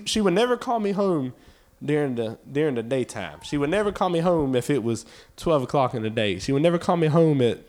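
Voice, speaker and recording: A man's voice: a little high, darkish tone. A man preaching a sermon to his church, building in intensity with repeated phrases and folksy talk. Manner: impassioned, repetitive preaching cadence; folksy, with y'all.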